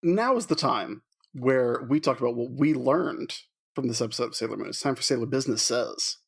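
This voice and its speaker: A man's voice: medium pitch, expressive, brisk, creaky, slightly rough. A man with a Southern US accent co-hosting a podcast in casual chat, teasing and giggly. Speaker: podcast co-host.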